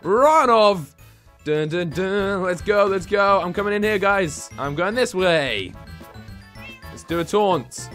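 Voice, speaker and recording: A man from England giving excitable let's-play commentary, shouting and squealing whenever he is in danger. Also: sits high, slow, soft background music. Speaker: gaming YouTuber.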